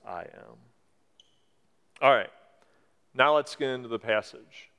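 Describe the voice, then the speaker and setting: A man's voice: medium pitch, big pitch swings, takes it slowly, pauses often, pushed and bright, clear, resonant tone. A man in his forties preaching a sermon, explaining scripture in a conversational way with emphatic rises. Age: 40s. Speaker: pastor. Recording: long hall reverb.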